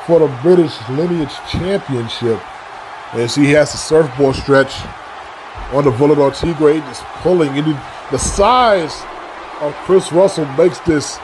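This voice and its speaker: A man giving excitable play-by-play commentary on a wrestling video game, repeating phrases and breaking into shouts at big moves. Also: on the high side. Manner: repeats phrases and restarts mid-call. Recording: loud game crowd and noise behind. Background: video game arena crowd noise.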